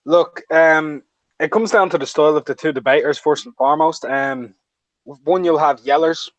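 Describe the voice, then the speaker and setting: A man talking as a guest in a casual chat, explaining his points in a measured way with some hesitation. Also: fairly high pitch, dry recording, highs cut off.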